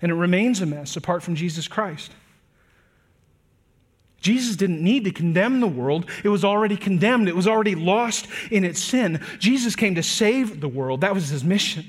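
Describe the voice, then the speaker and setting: A man preaching a sermon to his church, earnest, slowing down and lifting his voice to stress key points, then dropping soft and quiet. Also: sits high, lively intonation, husky. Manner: earnest preaching, slows and lifts voice for emphasis; drops to soft, quiet delivery on tender points. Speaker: pastor.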